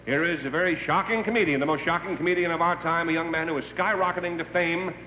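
A man's voice: fairly high pitch, fairly even intonation, fast talker, sharp tone, reverberant, long reverb tail, a little hiss or hum, low-quality recording. A man hosting a television show, jovially introducing a comedian. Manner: jovial showman. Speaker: television host. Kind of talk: introducing a guest.

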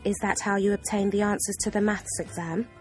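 A woman voicing a strict female headmistress who speaks in a stern, sharp, loud way. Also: mid-range voice, fairly even intonation, a little fast, soft background music, natural voice.

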